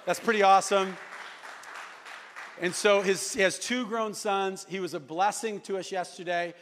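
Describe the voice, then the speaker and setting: A man's voice: high-pitched, moderate pace, a bit bright, a little hiss or hum. A man hosting at church gives an upbeat introduction of the guest speaker and calls for the crowd to respond. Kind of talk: enthusiastic introduction. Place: church sanctuary. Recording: long church reverb.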